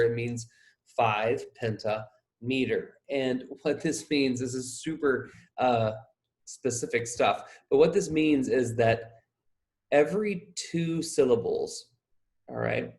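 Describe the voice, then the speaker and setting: A man's voice: medium pitch, darkish tone. Casual man lecturing on poetry. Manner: loose, thinking aloud, many fillers and restarts. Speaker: teacher.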